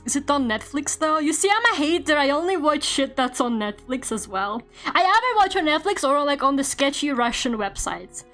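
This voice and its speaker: This is a woman with a high, light voice, talking casually to her stream audience while drawing. She rambles from thought to thought, laughs a lot and swears without a second thought. A quiet game soundtrack plays faintly underneath. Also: sing-song, moderate pace, few pauses. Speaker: VTuber streamer. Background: faint video game soundtrack music.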